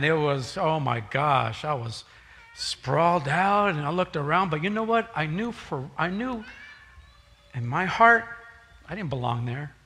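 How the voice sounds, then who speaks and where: A man pastor from San Jose preaching a sermon, telling a lively story with acted-out dialogue before rising into fervent preaching. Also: on the high side, gravelly, in a large hall. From San Jose, California.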